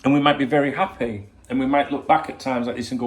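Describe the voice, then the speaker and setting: A man's voice: mid-range voice, fairly even intonation, quick pace. A man hosting a football channel, talking in a rambling, swear-laden opinion monologue full of rhetorical questions.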